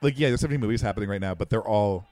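A man's voice: lowish voice, racing, darkish tone, no echo. A man co-hosting a casual podcast, rambling with stammered restarts and wry asides while he watches a movie.

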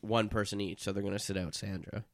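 Lower-voiced man chatting on a podcast. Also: steady tone, quick pace, dry recording, studio quality. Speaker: podcast co-host. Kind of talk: casual chat.

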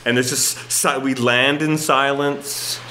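Bright-voiced man telling a comic story. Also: medium pitch, slow pace, slight background noise. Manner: animated, acts out dialogue with lots of fillers. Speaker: podcast guest.

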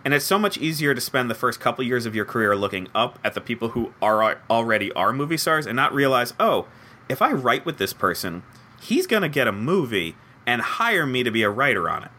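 A man's voice: mid-range voice, brisk. A young man, a comedy head writer, answering interview questions casually and acting out quoted voices. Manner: animated, acts out quoted voices, self-deprecating.

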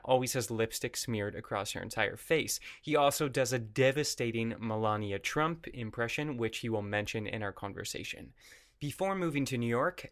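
A man hosting a podcast from his home basement, speaking in a playful way with wry asides during his intro and chat. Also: mid-range voice. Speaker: podcast host. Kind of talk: intro monologue and casual interview chat.

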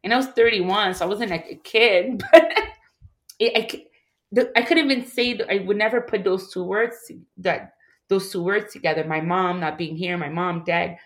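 A woman from Montreal in her thirties speaks as an interview guest in a mid-pitched voice. Her telling is candid and emotional, full of false starts and restarted sentences. She often slips into the voices of the people she quotes. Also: steady tone, moderate pace. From Montreal, Canada. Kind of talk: candid personal storytelling.

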